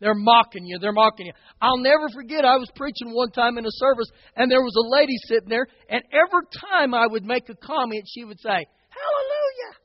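A man's voice: very high voice, fast talker, few pauses. Male pastor, sermon, chatty preaching, long hall reverb, dull muffled sound. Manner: conversational preaching, often checks in with "okay?" and "guys".

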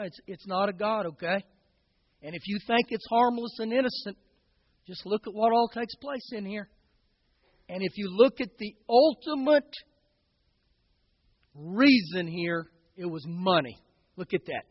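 A man's voice: high voice, no echo, long reverb tail, highs cut off. A man preaching a sermon as pastor, talking to the congregation in a conversational way and often checking in with "okay?" and "guys".

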